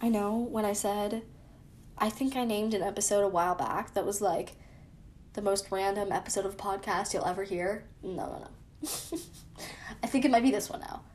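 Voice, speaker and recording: A woman's voice: medium pitch, moderate pace, a little mellow, slight background noise. A young woman co-hosting a casual podcast, giggling and restarting her intro lines. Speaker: podcast co-host. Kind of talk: casual podcast chat, blooper takes.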